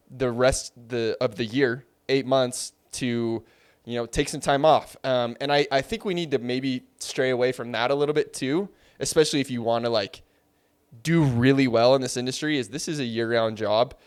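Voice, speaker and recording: Smooth-voiced man hosting a podcast. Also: medium pitch. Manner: reflective, asks broad framing questions. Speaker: podcast host. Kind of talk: casual interview chat.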